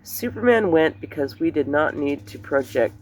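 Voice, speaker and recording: A man's voice: on the high side, expressive, normal speed, a little hiss or hum, low-quality recording. A man reading a book aloud in a raw, unedited take, sometimes stumbling and correcting himself. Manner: plain, unpolished reading with occasional stumbles and self-corrections. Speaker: reader.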